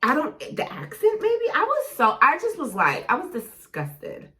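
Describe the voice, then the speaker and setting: A woman in her thirties from New York, co-hosting a podcast, telling stories in a blunt, profane, animated way. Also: high voice, normal speed. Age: 30s. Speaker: podcast guest co-host. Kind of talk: casual chat.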